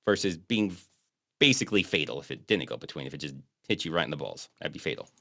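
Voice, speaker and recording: A man's voice: very deep voice, expressive, quick pace, sharp tone. A man co-hosting a movie commentary podcast, chatting casually, joking and rambling, often laughing. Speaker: podcast co-host.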